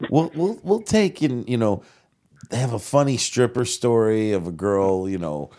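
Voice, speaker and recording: A man hosting a talk show, reacting with excitable laughter in casual chat. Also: medium pitch, moderate pace. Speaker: show host.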